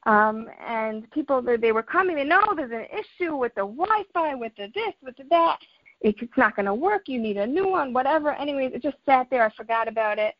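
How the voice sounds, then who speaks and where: A woman with a high voice teaches a religious lesson in an earnest, encouraging way, weaving in personal anecdotes. The recording is dry and a bit dull, with a slightly lo-fi sound. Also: animated, fairly quick, no echo. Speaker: teacher of a weekly religious class.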